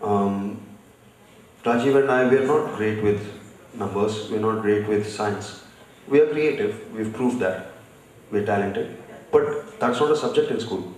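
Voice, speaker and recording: A man's voice: on the low side, measured pace, darkish tone. A man from India, speaking bluntly as an author and guest at a live festival session. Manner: blunt, storytelling. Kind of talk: live panel conversation. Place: festival session stage, large hall. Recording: echoey hall, distant mic.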